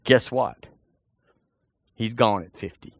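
A man's voice: fairly low pitch, slow pace, vocal fry, no room sound, studio quality. A man preaching a sermon in a folksy, conversational way, talking straight to the congregation and often repeating himself.

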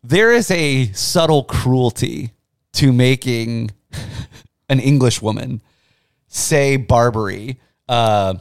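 A man co-hosting a podcast, chatting casually about a film with quick jokes and asides. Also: medium pitch, vocal fry, smooth, no room sound, studio quality. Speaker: podcast co-host.

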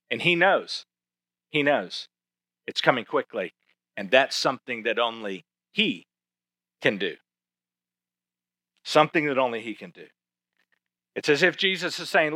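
A man preaching a sermon as pastor, slowing down to stress key words. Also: fairly high pitch, sharp tone, dry recording. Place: church sanctuary.

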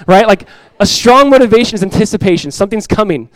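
A middle-aged pastor's sermon in the church sanctuary moves at a quick pace as he hammers home key lines by repetition, earnest and direct. He acts out everyday voices with lively animation; his pitch runs a bit high for a man, and the sound is close and dry with little room echo.

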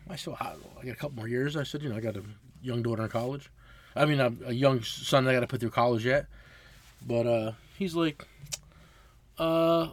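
A man's voice: mid-range voice, a little fast, pauses often, no room sound. A middle-aged man, a tool truck dealer, telling a long story in casual chat, swearing freely and acting out both sides of the conversation. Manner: profane, animated storyteller acting out quotes.

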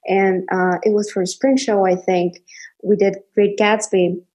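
A young adult woman from Kazakhstan speaks as a guest in a relaxed interview. Her medium-pitched voice turns animated as she tells stories, full of false starts and quick laughs. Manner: animated storytelling with frequent restarts and laughter. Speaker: actress guest. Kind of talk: casual interview conversation.

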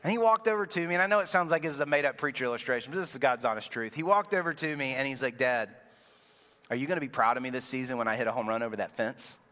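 A man's voice: medium pitch, racing, bright, forceful tone. A man in his thirties preaching a sermon as a pastor, telling a family story in a loose, self-deprecating way. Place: church sanctuary. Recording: long reverb from a large room.

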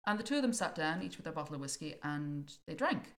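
A woman telling a folktale in a lively, jokey way during a casual chat. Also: sits low, fast. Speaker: podcast co-host telling a folktale.

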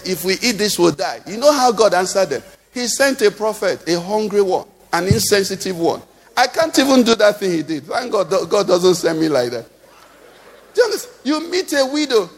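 A Nigerian pastor with a notably high voice delivers his sermon in a rhythmic, singsong cadence. He keeps turning to the congregation with questions. The sound carries a long reverb from the church hall. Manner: rhetorical questions to the congregation, sing-song cadence.

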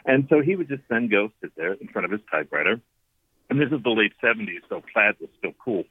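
Husky man in his fifties on a phone line. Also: lowish voice, fast talker, no room sound. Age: 50s. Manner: lively anecdotal storyteller with frequent restarts. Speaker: radio guest. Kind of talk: storytelling on a call-in interview.

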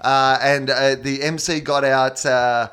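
A man with an Australian accent, a comedian guest chatting and telling animated stories with frequent laughs. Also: medium pitch, takes it slowly, clear, resonant tone. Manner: animated storyteller, laughs often. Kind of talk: casual podcast chat.

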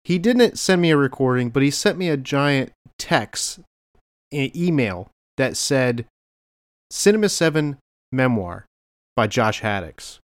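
Smooth-voiced male podcast host. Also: mid-range voice, lively intonation, a little slow, dry recording, clean studio sound. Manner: earnest, reading from notes with small slips. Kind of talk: scripted farewell thank-yous.

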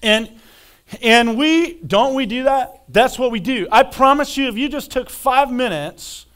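A male pastor in his thirties delivers a sermon in an unusually high voice. He preaches at an unhurried, deliberate pace, swings into animated quoted voices and often repeats words as he builds a point. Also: smooth.

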